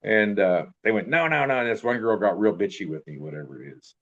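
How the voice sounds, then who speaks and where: An older man with a lowish voice tells stories in a loose, rambling way. He restarts his sentences and lets them trail off with throwaway tags. The recording sounds a little dull and lo-fi. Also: animated, brisk. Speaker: actor telling stories. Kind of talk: casual anecdote in an interview.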